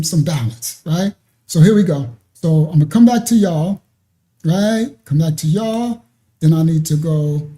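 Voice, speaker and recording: A man hosts a ministry livestream, chatting loosely as he shares his screen before turning to exhorting preaching. His voice sits high for a man, with a mellow, soft-edged tone. He repeats himself often as he talks. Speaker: ministry host.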